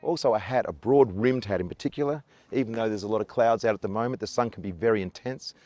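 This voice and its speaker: A man's voice: on the low side, quick pace, darkish tone, no echo. A man in his forties with a broad Australian accent, talking easily outdoors as a tour guide, full of fillers, restarts and little jokes. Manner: easygoing, chatty, many "uh" fillers and self-restarts, jokey. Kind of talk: outdoor tour chat to camera. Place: outdoors on coastal rocks.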